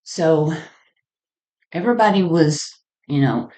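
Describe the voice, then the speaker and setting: A woman's voice: low voice, a little slow, mellow, low-quality recording. A woman telling a personal story in a casual, meandering way, often laughing between her sentences. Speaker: vlogger.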